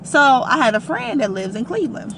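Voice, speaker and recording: A young adult woman telling a personal story to her vlog audience in a casual, animated and emphatic way. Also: high voice, a little fast, noisy background. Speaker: vlogger.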